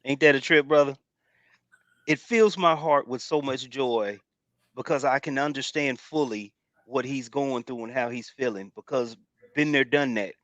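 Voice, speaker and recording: A man's voice: medium pitch, moderate pace, a bit bright, dry recording, lo-fi sound. A man co-hosting a casual talk show, speaking earnestly and calling his partner "brother". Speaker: co-host.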